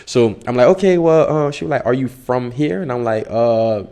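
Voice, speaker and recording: A young man, an actor, casually telling a story in an interview and acting out the dialogue with lively voices. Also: medium pitch, normal speed, clean tone. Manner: animated, acts out dialogue in the story. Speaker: actor guest.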